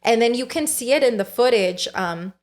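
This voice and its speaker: A woman's voice: on the high side, animated. Young woman telling a frightening story. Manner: swears often, fast and breathless. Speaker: podcast guest. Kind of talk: emotional personal storytelling.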